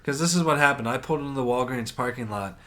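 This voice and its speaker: Animated man telling a wild story. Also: medium pitch, quick pace. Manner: animated, swears a lot, acts out his own reactions. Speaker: podcast co-host. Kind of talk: casual storytelling chat.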